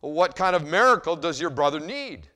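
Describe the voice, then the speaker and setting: A man voicing a kind, well-dressed male surgeon who speaks in a gentle, calm way. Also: a little high, a little fast, voice pushed up.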